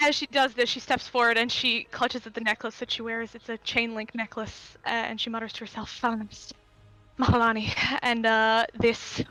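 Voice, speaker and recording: A woman's voice: on the high side, little pitch movement, fairly quick, few pauses, bright, forceful tone. A woman playing in a tabletop game, chatty and narrating her character's actions. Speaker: player.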